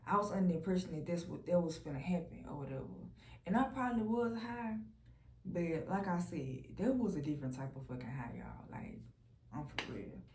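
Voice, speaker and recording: A woman's voice: on the low side, a little mellow. Candid young woman telling her story. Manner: candid, profane, lots of "like" fillers. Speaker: vlogger sharing a personal testimony. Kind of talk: casual storytelling testimony. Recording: roomy echo.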